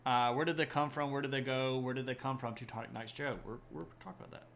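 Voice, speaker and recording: A man's voice: medium pitch, fairly even intonation, fast talker, gravelly, a bit bright, slight background noise. A man hosting a live history stream, chatting casually with viewers, full of fillers and restarts. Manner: rambling, many fillers and restarts, laughs at own jokes. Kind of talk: casual chat reading viewer comments.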